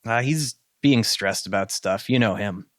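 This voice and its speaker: A man's voice: on the low side, unhurried, a bit bright, no room sound. A man at a tabletop game session, speaking in character in a loose, joking way. His voice sounds close and dry, with no room around it. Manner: offhand, joking. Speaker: player. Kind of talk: casual in-character chat.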